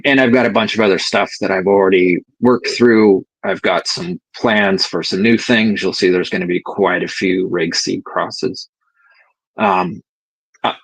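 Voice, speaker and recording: Gravelly deep-voiced man chatting casually. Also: fairly bright tone, no echo, low-quality recording. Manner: laid-back, candid, swears casually. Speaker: cannabis breeder guest. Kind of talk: casual livestream chat.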